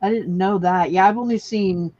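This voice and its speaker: A woman's voice: mid-range voice, fairly even intonation, moderate pace, mellow, dull audio. A woman hosting a late-night crafting livestream in casual chat, rambling with many fillers and restarts.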